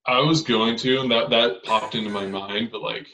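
A young man telling stories as a guest in a casual chat, in a relaxed way, saying "like" a lot. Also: medium pitch, normal speed. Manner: relaxed, lots of "like". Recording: echoey room, dull lo-fi sound.

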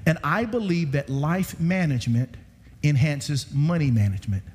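Male preacher, high voice, lively swooping delivery, long church reverb. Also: moderate pace. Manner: animated preaching with sudden pitch swings. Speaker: guest preacher. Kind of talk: sermon. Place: church sanctuary.

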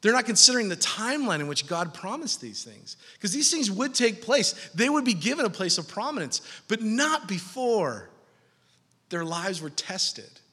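A middle-aged male pastor preaches with a high, bright voice that swings widely in pitch. He tells funny stories and acts out quoted voices. His voice carries a long reverb, as in a church hall. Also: normal speed, slightly rough. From California. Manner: animated, joking storyteller, acts out quoted voices. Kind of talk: sermon.

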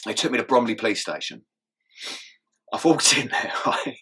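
A man's voice: mid-range voice, sing-song, normal speed, pushed and bright, slightly rough. A young man telling his story in a casual interview, swearing and laughing as he goes. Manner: swears often and laughs through his story, mumbling asides. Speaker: interview guest.

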